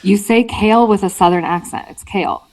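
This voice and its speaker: A woman's voice: mid-range voice, brisk, distant mic, low-quality recording. A woman co-hosting a casual podcast, teasing the others. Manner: teasing, animated. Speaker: podcast co-host. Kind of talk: casual chat.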